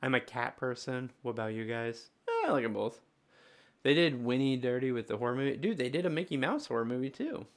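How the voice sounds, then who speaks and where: A man's voice: mid-range voice, animated, a little fast. A man chatting casually on a live stream, loose and swearing, laughing at his own silly voices.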